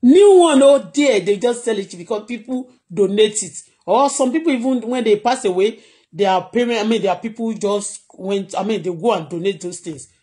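With an animated, dark-toned, mid-range voice at a normal speed, a blogger from Nigeria talks casually on a live stream. Speaking in a Nigerian accent from home in Canada, they laugh frequently and switch between languages freely.

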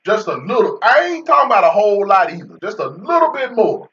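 A man's voice: high voice, very animated, brisk, fairly bright tone, distant mic, highs cut off, slight background noise. A man giving casual, joking commentary over a football video game as host, bantering about getting paid. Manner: joking banter with an unseen in-game agent, AAVE-flavored casual speech.

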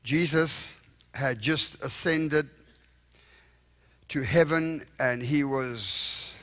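A middle-aged man with a South African accent preaching a revival sermon in a church, lively and joking with the congregation, often checking "all right?". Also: medium pitch, drawn-out words. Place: church sanctuary.

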